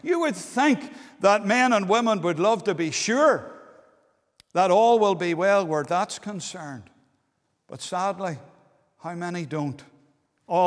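A man's voice: sits high, lively intonation, slow, long pauses. A man preaching an earnest, pleading evangelistic sermon in a meeting hall, dwelling on key words. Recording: long hall reverb.

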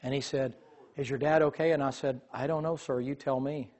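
A man telling a lively story in a sermon, acting out the voices of the people in it. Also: medium pitch, fairly quick. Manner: animated storyteller, quotes voices.

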